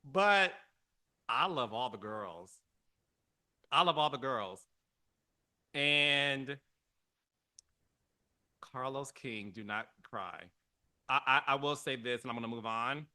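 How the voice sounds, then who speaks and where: Animated, bright-voiced male podcast host. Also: slow, long pauses. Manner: animated, emotional, dramatic pitch swings. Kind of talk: casual commentary to camera.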